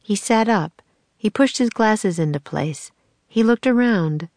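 A woman narrating a children's storybook aloud in a steady, expressive way. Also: mid-range voice, unhurried, no room sound, studio quality.

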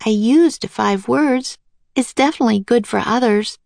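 Woman putting on a young girl, kind-hearted, eager, high and lifted voice, slight gravel underneath, storybook reading. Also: moderate pace, darkish tone, dry recording. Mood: pleading.

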